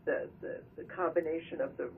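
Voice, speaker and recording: A man's voice: on the high side, fairly even intonation, brisk. A male reporter asking probing questions by phone, thinking aloud before he asks. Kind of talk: press conference questions by phone. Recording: tinny phone line with faint noise.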